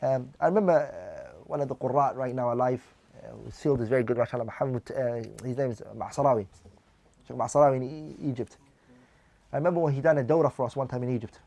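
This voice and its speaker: Fast-talking man teaching a class. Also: medium pitch, creaky, a little mellow, dry recording. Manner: reads Arabic lines then explains them in English, asks the class questions. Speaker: religious teacher. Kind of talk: explaining a classical text in a class.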